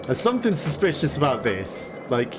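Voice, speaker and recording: A man's voice: mid-range voice, very animated, moderate pace. A man hosting a let's play, giving chatty, amused gameplay commentary and laughing often. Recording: voice over game music.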